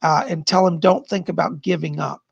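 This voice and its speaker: A man hosts a live-stream, chatting through viewer questions and relaying spirit messages. His voice is gravelly with heavy fry. It sounds husky and dry, close to the mic. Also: a little high, fairly even intonation, fairly quick, dry recording, lo-fi sound. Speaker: psychic livestream host. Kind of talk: live-stream chat readings.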